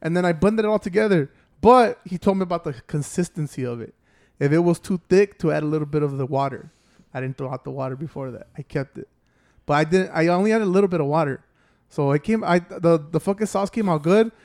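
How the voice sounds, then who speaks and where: A man's voice: a little high, fast talker, darkish tone. A man chatting crudely with friends, laughing often and stumbling over his words. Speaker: cook, friend in group chat. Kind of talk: casual banter with friends.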